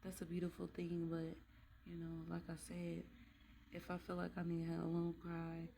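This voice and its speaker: A mother talking in a casual, reflective vlog, earnest and candid, pausing and restarting as she gathers her thoughts. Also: lowish voice, completely flat delivery, creaky, warm tone, slight background noise. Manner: earnest, halting, with frequent restarts and trailing pauses; candid and heartfelt. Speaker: mother vlogging about parenting.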